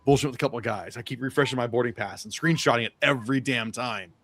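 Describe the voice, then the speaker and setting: A man's voice: mid-range voice, fast, fairly bright tone, a little hiss or hum. A man telling a profane, rambling travel story on a podcast, acting out the people he met. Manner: profane, rambling anecdote with quoted dialogue. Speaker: podcast guest or co-host.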